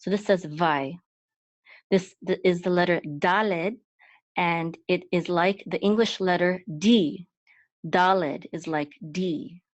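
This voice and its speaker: A woman's voice: lowish voice, slow pace, no echo. A woman teaching a Hebrew reading lesson step by step, patiently repeating each sound several times. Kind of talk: slow step-by-step language lesson. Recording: dull dry lo-fi recording.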